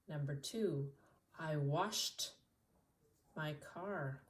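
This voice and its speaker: A woman from Canada teaching an English lesson, repeating words slowly and clearly. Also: low voice, far from the mic. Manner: slow, deliberate repetition of single words.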